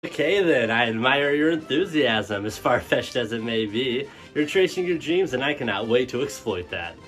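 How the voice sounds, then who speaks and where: A man's voice: mid-range voice, animated, moderate pace, loud music behind the voice, close to an everyday voice. A man playing a smug, mocking game show host. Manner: showman announcer, mocking.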